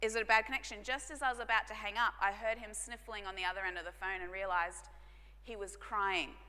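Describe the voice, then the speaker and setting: A woman pastor, telling a personal story in a sermon, earnest and dropping to hushed tones for emphasis. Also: mid-range voice, steady tone, a little fast. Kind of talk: sermon testimony. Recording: long hall reverb.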